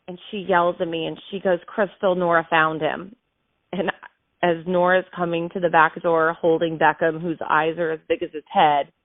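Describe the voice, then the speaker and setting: A woman in her thirties, host of her show, telling a personal story in a casual, emotional and animated way. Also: on the low side, no room sound. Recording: dry tinny phone-like sound.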